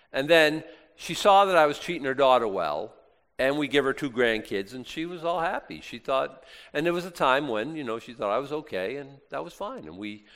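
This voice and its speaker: A middle-aged man preaching a sermon in a conversational way, swinging between hushed and loud moments. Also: medium pitch, clear, resonant tone. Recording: long reverb in a large hall.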